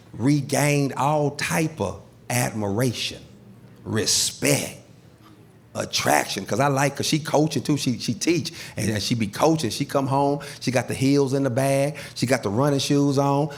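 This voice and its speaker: A man's voice: medium pitch, creaky. A middle-aged man doing a stand-up comedy routine on stage, animatedly telling stories and acting out the people in them. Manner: animated storytelling, acts out quoted people. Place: comedy stage before a live audience.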